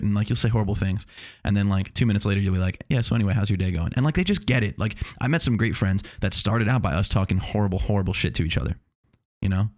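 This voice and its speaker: A man's voice: lowish voice, no echo, clean studio sound. A young man hosting a solo podcast, rambling and swearing, often restarting his sentences. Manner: rambling, profane, restarts a lot. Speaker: podcast host. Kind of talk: casual solo podcast monologue. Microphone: lav or shotgun mic in a foam-treated room.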